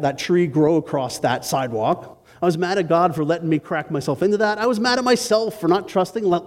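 Male preacher, fairly high voice, self-mocking storyteller in a hall with long reverb. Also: darkish tone. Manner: self-mocking storytelling with wry asides to the congregation. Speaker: pastor. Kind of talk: sermon with personal story.

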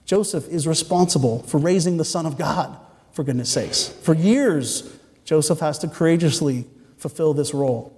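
A man's voice: a little high, brisk. Earnest male pastor with an echoing hall sound. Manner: earnest, storytelling, with joking asides. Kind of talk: sermon. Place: church sanctuary. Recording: long church-hall reverb.

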